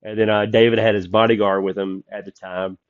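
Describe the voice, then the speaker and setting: A man telling a story from the road in casual chat, animated and acting out the people he quotes. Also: fairly low pitch, a little fast, clean tone, no echo, highs cut off. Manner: animated, acts out quoted voices loudly. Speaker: comedian guest.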